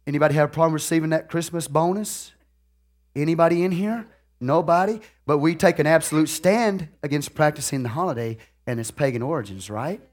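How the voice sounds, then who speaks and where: Preaching at a fairly quick clip, a man with a fairly high voice spins folksy, conversational stories for his congregation. Big jumps in loudness mark his delivery, from sudden excited bursts to hushed confidences, and he repeatedly asks listeners if they follow.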